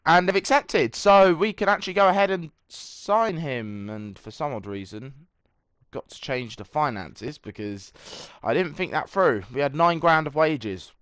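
A man's voice: fairly high pitch, unhurried, a bit bright, smooth, dry recording. A young man chatting through a football management game, self-mocking and breaking into mock match commentary. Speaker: gaming video creator. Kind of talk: casual gameplay commentary.

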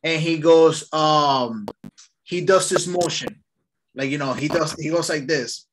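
A man leading a casual online real estate training, telling lively stories in an upbeat way over a video call. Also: fairly high pitch, a little slow, background noise.

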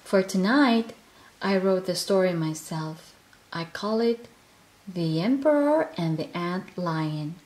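A woman's voice: fairly low pitch, lively intonation, slow pace, a little mellow. Woman reading as proud fatherly troll. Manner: explaining, proud. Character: fatherly male troll, proud amateur author.

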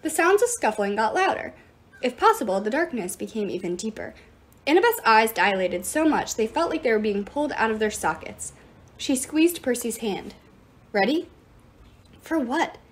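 A woman narrating a fantasy novel aloud, dramatic and expressive. Her voice sits a touch high and moves a great deal in pitch from phrase to phrase. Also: moderate pace. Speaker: audiobook reader. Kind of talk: storybook narration.

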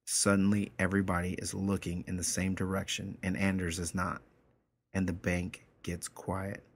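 A man's voice: low voice, completely flat delivery, moderate pace. A man teaching a story, reading it aloud line by line and then explaining it in a casual way, often checking in with his listeners.

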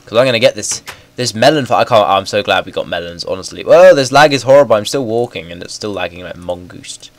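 Hoarse young man with a cold. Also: low-pitched, fast talker, no echo. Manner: rambling, self-mocking, easily excited. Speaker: gaming video host. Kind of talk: casual Minecraft commentary. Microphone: headset.

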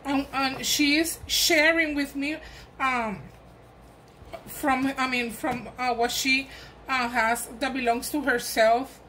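Slow-talking woman, gushing over a gift, voice a bit high. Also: steady tone, sharp tone, slight background noise, poor audio. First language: Spanish. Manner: gushing, exclamatory, enthusiastic. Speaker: crafting vlogger. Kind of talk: gift unboxing chat.

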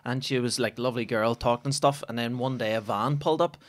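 A man with a Lurgan accent from Northern Ireland, telling a story on a podcast and mimicking the voices in it. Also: mid-range voice. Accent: Northern Irish, Lurgan. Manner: quick, lively, mimics voices in his stories. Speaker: comedian guest. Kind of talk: casual storytelling. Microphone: studio podcast mic.

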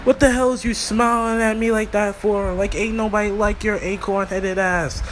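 A man's voice: sits high, little pitch movement, normal speed, over music. A young man doing a profane, slangy comedic roast of a cartoon show. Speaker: roast commentator.

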